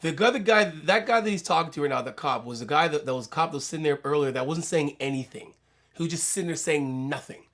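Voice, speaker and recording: A man's voice: fairly high pitch, fast talker, a bit bright. A man hosting a casual commentary on a video, rambling and often tagging his points with "right?". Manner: rambling, keeps asking "right?". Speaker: host reacting to a video.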